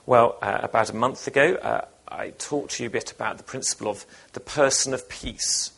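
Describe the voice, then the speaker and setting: Gravelly, husky pastor giving a sermon. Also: male voice, mid-range voice, moderate pace. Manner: relaxed and conversational, with frequent filler words. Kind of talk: sermon with scripture reading.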